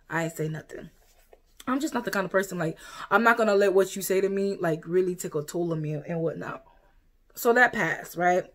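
A young woman from the United States telling a story to camera in a casual, animated way, acting out what other people said. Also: mid-range voice. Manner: animated, quotes people in exaggerated voices. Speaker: vlogger.

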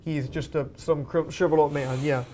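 An eager, chatty man hosts a relaxed movie chat. His voice sits a little high for a man. He keeps the conversation moving and turns questions over to his co-hosts. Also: fairly quick, slight background noise. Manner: eager, chatty, steers the discussion. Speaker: podcast host.

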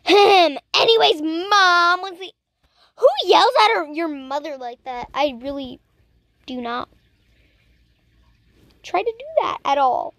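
A woman's voice: extremely high pitch, lively intonation, a little slow, pauses often, a bit bright, no room sound. A young woman chatting casually as she reacts to videos, teasing and talking back at the screen.

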